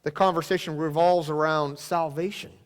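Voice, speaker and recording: A man's voice: a little high, fairly even intonation, normal speed, smooth. Man preaching in a reverberant church. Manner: dramatic swings from loud exclamations to hushed near-whispers. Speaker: pastor. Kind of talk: sermon. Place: church sanctuary. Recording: long church hall reverb.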